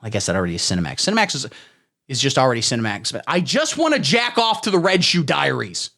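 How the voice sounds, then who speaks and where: A young man hosting a satirical solo comedy show, talking in a crude, sarcastic, deadpan way. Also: mid-range voice, fast talker, creaky. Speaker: podcast host.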